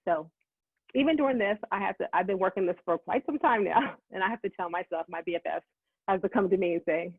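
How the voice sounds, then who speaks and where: A middle-aged woman giving a motivational talk, talking fast and acting out her own inner voice. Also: mid-range voice, husky, no room sound. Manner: fast-talking, animated self-talk quotes. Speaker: summit speaker. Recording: tinny phone-like line, dry.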